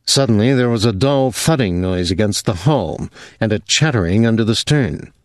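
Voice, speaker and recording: A man reading a novel aloud in measured, even narration. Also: fairly low pitch, no room sound, clean studio sound. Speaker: audiobook narrator. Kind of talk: scripted narration.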